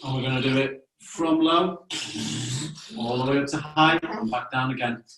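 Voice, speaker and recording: A man with an English accent, a children's theater performer guiding families through face and voice warm-ups in a playful, encouraging way on a video call. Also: medium pitch, moderate pace, a little hiss or hum. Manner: playful, encouraging, instructing step by step. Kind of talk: guiding an interactive family webinar. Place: home room on a video call. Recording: echoey room, distant from the mic.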